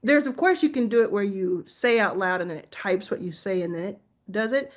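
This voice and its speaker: A woman hosting a casual chat, talking in an animated way, full of restarts and "like". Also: mid-range voice, fairly quick. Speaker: host.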